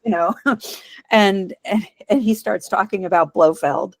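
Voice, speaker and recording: A woman's voice: on the low side, measured pace. A woman co-hosting a podcast, retelling a TV episode in casual chat and laughing often. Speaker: podcast co-host.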